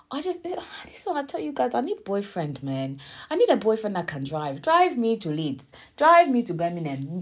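A woman telling a story to her viewers in a chatty, rambling way, full of asides and filler words. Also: fairly low pitch. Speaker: vlogger.

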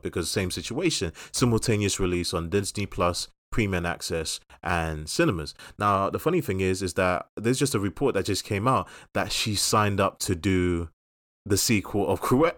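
Man, very deep voice, podcast host, opinionated, wry, dry close mic. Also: normal speed, fairly bright tone, dry recording. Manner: opinionated, wry, steers the talk. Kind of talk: casual chat.

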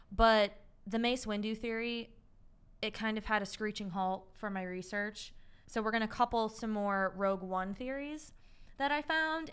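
A woman's voice: mid-range voice, a bit bright, clear, resonant tone. A young adult woman hosting a podcast in chatty casual conversation, swearing lightly and laughing often. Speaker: podcast host. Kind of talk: casual chat.

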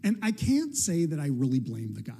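Male pastor, informal sermon delivery, husky and slightly high voice, playful asides. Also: huge pitch swings, fairly quick, mellow. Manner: conversational, playful, acts out quotes.

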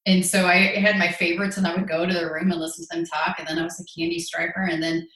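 A woman's voice: fairly low pitch, level tone, quick pace, fairly bright tone, roomy sound, poor audio. A woman in her forties speaking as an interview guest, earnest and self-deprecating as she recalls her path. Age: 40s. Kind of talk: conversational interview.

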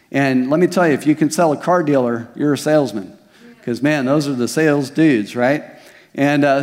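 A man's voice: fairly high pitch, big-room sound. A male pastor preaching a sermon, mixing scripture with personal stories and rhetorical questions. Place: church service at a community center.

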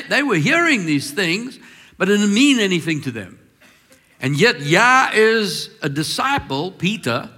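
A man preaches in a church hall with a long reverb trailing his words. His voice is bright and a little high for a man. He moves from emphatic, stretched-out proclamations to soft, confiding asides. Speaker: pastor. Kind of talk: sermon.

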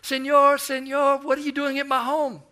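A man's voice: extremely high pitch, monotone, normal speed, sharp tone, pitched above the performer's own voice. A man voicing a polite, eager little boy of about ten in a sermon story.

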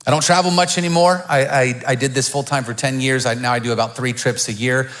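A man's voice: mid-range voice, fairly even intonation, fast, fairly bright tone. A middle-aged man preaching a sermon as pastor in a church, joking and telling stories before building to fervent preaching. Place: church stage.

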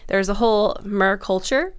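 A woman's voice: medium pitch, moderate pace, smooth. A young adult woman on the staff of a trade show, telling a casual, self-mocking anecdote and acting out the people in it. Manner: animated, self-mocking storyteller who acts out quoted lines.

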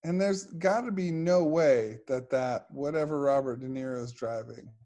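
A man's voice: mid-range voice, normal speed, mellow. A man co-hosting a podcast in casual chat, with easygoing banter and playful asides. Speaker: podcast co-host.

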